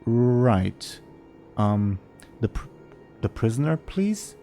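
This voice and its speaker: A man voicing a flustered male city guard who speaks in a hurried, unsure way in a tabletop role-play game. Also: medium pitch, sing-song, dark tone, soft background music, pitched above the performer's own voice, exaggerated voice.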